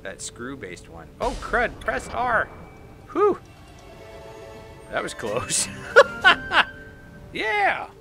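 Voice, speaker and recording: A man playing a video game, chatting excitedly and reading the on-screen text aloud. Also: high-pitched, extremely slow, creaky, pauses often. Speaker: gaming YouTuber. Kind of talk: let's play commentary. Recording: light game music behind.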